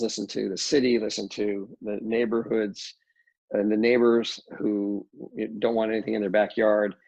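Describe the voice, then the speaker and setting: Gravelly middle-aged man, halting speech. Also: fairly low pitch, darkish tone, no room sound. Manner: halting, many restarts and fillers. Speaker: real estate developer, guest. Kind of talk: casual interview talk. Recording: dull lo-fi dry audio.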